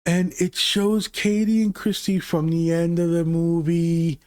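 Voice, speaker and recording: A man hosting his own channel, recapping movies in a casual, rambling, profane way that grows excitable. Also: fairly high pitch, unhurried, clear, resonant tone, dry recording, studio quality. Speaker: channel host.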